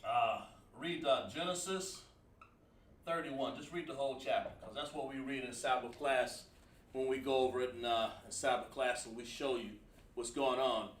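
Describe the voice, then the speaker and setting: A man's voice: mid-range voice, steady tone, normal speed. A man teaching a class at a board, explaining word by word with many fillers and repetitions. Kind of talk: classroom lesson. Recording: echoey room from far off.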